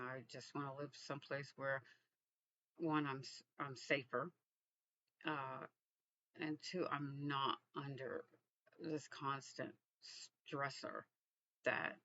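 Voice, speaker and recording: A man from Texas, vlogging in a reflective, halting way with frequent restarts. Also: mid-range voice, pushed and bright, lo-fi sound. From Texas, USA. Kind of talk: casual personal vlog.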